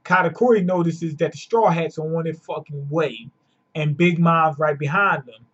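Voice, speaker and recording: A man's voice: on the high side, moderate pace, a bit bright, husky. A man reviewing a manga chapter in casual, profane slang, laid-back and chatty. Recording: lo-fi dull sound.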